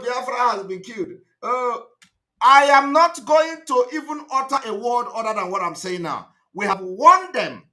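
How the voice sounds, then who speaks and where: A man hosts his own online show, giving a fervent, repetitive monologue. His voice sits high and bright, and it swings widely in pitch, rising to loud outbursts before dropping to low asides. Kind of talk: impassioned commentary monologue.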